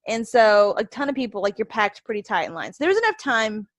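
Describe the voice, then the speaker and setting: A woman's voice: mid-range voice, sing-song, quick pace, a bit bright, dry recording. A woman co-hosting a podcast in casual chat, recounting events in a rambling way, quoting herself and laughing often. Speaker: podcast co-host.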